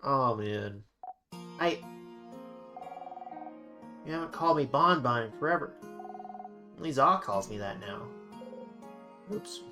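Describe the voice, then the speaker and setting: A woman with a low, lively voice streams a story game, reacting out loud and reading its text as she goes. Clear game music plays under her voice. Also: slow pace, pauses often. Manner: emotional, exclaiming and laughing at the story. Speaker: gaming streamer. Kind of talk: let's play commentary, reading game text aloud.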